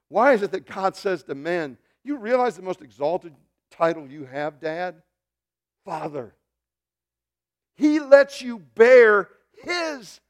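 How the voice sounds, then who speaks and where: A pastor with a somewhat high voice preaches a sermon from the pulpit. He moves between soft, almost whispered lines and loud, fervent calls, occasionally breaking off to joke with the congregation.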